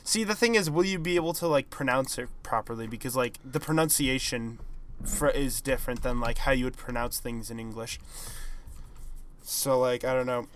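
A man's voice: mid-range voice, normal speed. Rambling young man, casual podcast chat. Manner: rambling, hedging, trailing off quietly. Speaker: podcast co-host.

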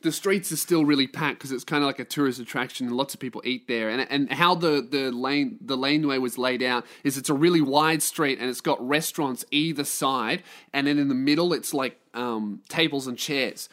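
A man's voice: mid-range voice, moderate pace, hardly any pauses, a bit bright. A young man hosting a solo comedy podcast, ranting in a profane, self-mocking way. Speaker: podcast host.

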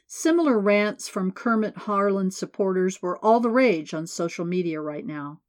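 A woman narrating an audiobook in a measured, steady reading. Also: medium pitch.

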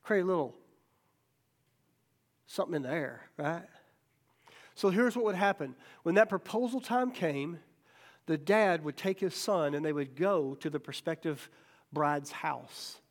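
A man's voice: a little high, a little slow, pauses often. A middle-aged male pastor giving a folksy, joking sermon, checking in with "okay?" and "right?" and acting out the voices in his stories. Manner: acts out quoted voices in stories.

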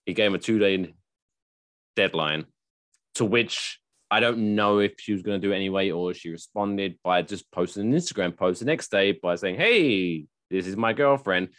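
A man hosting a podcast, chatting casually in a jokey, animated way and swearing freely. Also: low voice, normal speed, dry recording, studio quality. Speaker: podcast host.

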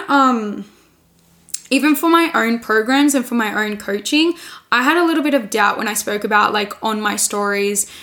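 A woman in her twenties, a podcast host and coach, talks candidly in a casual solo monologue. Her voice is fairly high and fairly bright. She's earnest, restarts her sentences often and says "like" a lot.

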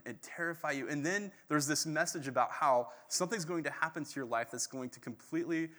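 A male pastor delivers his sermon in an easygoing, conversational style, animated as he tells the story. His voice is bright and forward. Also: medium pitch.

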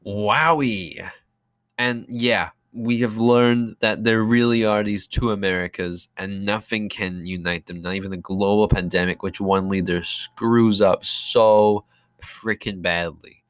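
Young male vlogger, unhurried audio-diary delivery, sarcastic and full of fillers. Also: lowish voice, a bit bright, no room sound. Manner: rambling, sarcastic, many fillers and restarts.

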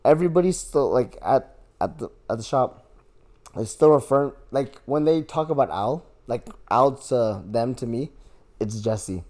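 Lively laughing guest, young man. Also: medium pitch, measured pace. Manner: animated storyteller, laughs often. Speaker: podcast guest. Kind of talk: casual chat between friends.

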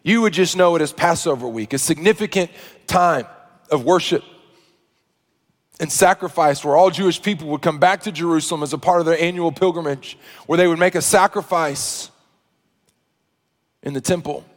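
A man preaching a sermon, telling a story that moves between hushed asides and loud, emphatic preaching. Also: a little high, normal speed, long pauses, long reverb tail. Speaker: pastor.

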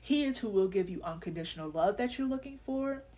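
A woman's voice: mid-range voice, animated, a little fast, mellow. A young woman hosting a faith podcast, talking candidly and earnestly in casual slang, sometimes laughing. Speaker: podcast host.

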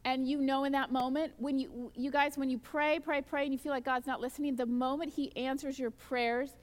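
A woman's voice: sits high, level tone, a little fast. A woman giving a personal testimony at a church gathering, telling stories earnestly and acting out her own prayers. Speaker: guest speaker at a church gathering. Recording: long church hall reverb.

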